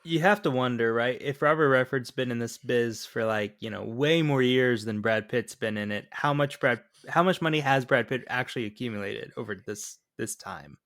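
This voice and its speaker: A man with an ordinary mid-range voice chats about a film on a podcast. He jokes loosely, pauses with "uh" and tosses out rhetorical questions. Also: medium pitch, fairly bright tone. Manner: loose and joking, trails off with "uh". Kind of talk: casual movie chat.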